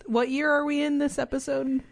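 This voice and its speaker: A woman's voice: high voice, level tone, brisk, creaky, no echo. A woman co-hosting a casual chat, explaining background in a matter-of-fact way. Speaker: podcast co-host. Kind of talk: casual chat with history asides.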